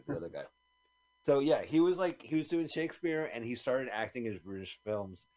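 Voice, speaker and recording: A man's voice: mid-range voice, expressive, fairly quick, darkish tone. A man co-hosting a radio show, swapping movie stories and slipping into silly voices. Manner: storytelling, slips into silly put-on voices. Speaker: radio co-host. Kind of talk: casual banter while watching a movie. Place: radio studio.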